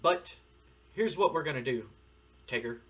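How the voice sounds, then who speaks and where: A man's voice: a little high, animated, unhurried, a bit bright. A man voicing a scheming, middle-aged male wrestling boss who bargains and placates. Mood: bargaining.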